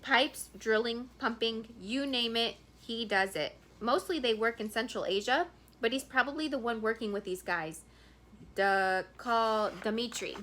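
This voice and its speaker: A gruff, casual Russian office director voiced by a woman reading aloud mumbles and thinks out loud. His voice comes through bright and clear in an audiobook reading. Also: a little high, moderate pace, slight background noise, close to an everyday voice. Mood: eager.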